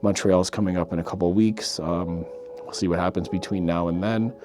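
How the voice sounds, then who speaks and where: Low-voiced man with a sore, dry throat. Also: brisk, soft background music. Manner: relaxed, earnest, talks in short restarts. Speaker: home theater channel host. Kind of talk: casual vlog talk to camera.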